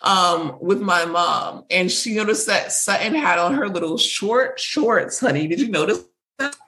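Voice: medium pitch, unhurried, sharp tone, rough recording. A podcast co-host in a casual, gossipy chat about reality TV, swearing freely and filling with "like.".

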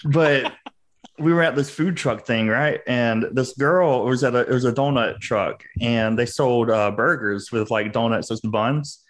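A man's voice: medium pitch, unhurried. A man co-hosting a casual podcast, telling crude stories with plenty of swearing. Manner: crude, swearing, lively storyteller. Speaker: podcast co-host. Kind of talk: casual storytelling chat.

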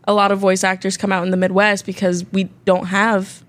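A woman's voice: mid-range voice, level tone, fairly quick. A young woman hosting a podcast, chatty and self-deprecating. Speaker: podcast host. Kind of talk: casual chat.

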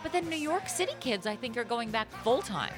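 A woman's voice: on the high side, animated, a little fast, over music. A woman co-hosting a comedy podcast, telling rambling, giggly stories full of silly wordplay. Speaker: podcast co-host. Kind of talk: casual comedic chat.

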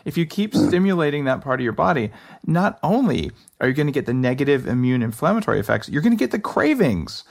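A man hosting a podcast interview, talking casually and conversationally with quick asides. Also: a little high, sing-song, gravelly. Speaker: podcast host.

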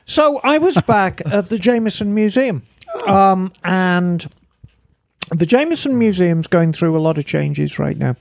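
A man's voice: high-pitched, expressive, a little slow, creaky, dry recording, studio quality. A man co-hosting a motorcycle podcast, chatting casually and telling rambling stories. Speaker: podcast co-host. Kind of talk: casual chat.

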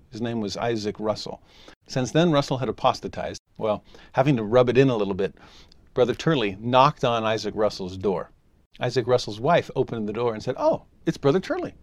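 A man's voice: medium pitch, no room sound. Man telling a scripture lesson story. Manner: animated storytelling, briefly voicing quoted characters. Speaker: scripture teacher.

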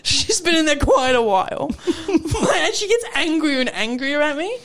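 Australian woman, young, high voice, very animated, laughing storyteller. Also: normal speed. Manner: animated, laughs often, acts out dialogue. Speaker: radio show co-host. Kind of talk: casual storytelling chat.

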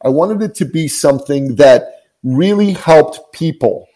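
A man's voice: on the high side, lively intonation, a little slow, dark tone, rough recording. A man guest, a business coach, speaking earnestly and emphatically, often repeating his phrases as he tells an inspirational story.

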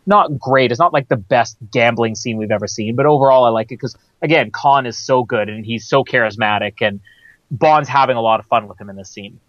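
A man's voice: medium pitch, fairly quick, a bit bright. A man talking through a film on a casual podcast, rambling along with fillers and small laughs. His audio is dull and lo-fi, with a dry sound and no room echo. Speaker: podcast host.

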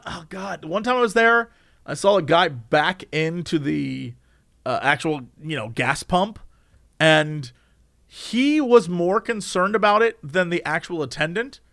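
A young man chatting casually on a podcast, telling stories animatedly and acting out people with sudden shouts. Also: on the high side, animated, a little slow, dry recording, clean studio sound. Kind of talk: casual storytelling chat.

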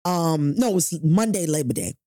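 A woman, telling a personal story on a podcast in a casual, animated and profane way, acting out what people said. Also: low voice, normal speed, no echo, clean studio sound. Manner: animated, profane, acts out quotes loudly.

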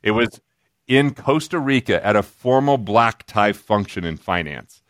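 A man from Utah tells stories as a podcast guest, animated and joking, slipping into quick asides. His voice sits a little low. The sound is close and dry. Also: dry recording. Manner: animated, jokey, quoting others in quick asides. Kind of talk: casual storytelling.

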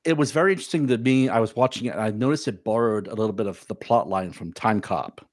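A man's voice: on the low side, fast talker, dry recording. A man hosting a casual movie podcast, joking and rambling with many restarts. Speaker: podcast host.

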